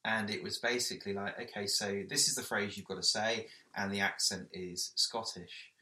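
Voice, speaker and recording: A man co-hosting a podcast in casual chat, sweary and self-mocking, with quick asides. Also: lowish voice, fairly even intonation, sharp tone. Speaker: podcast co-host. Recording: roomy echo.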